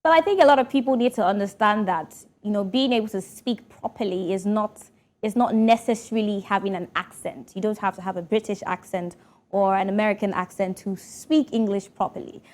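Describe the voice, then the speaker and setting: A woman's voice: medium pitch, fairly quick, a little mellow. A woman studio guest speaking earnestly in a panel discussion, explaining her view with many fillers.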